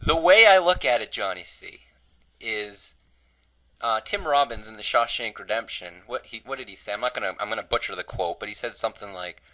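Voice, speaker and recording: A man's voice: lowish voice, lively intonation, a little fast, pushed and bright, low-quality recording. A man hosting a casual podcast, telling a rambling self-deprecating story. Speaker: podcast host.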